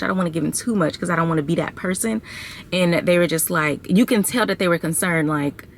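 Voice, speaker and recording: A woman's voice: on the low side, fairly bright tone, a little hiss or hum. A young adult woman vlogging casually to her viewers, chatty and exasperated as she talks to them as y'all. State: six months pregnant. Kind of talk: casual storytelling vlog.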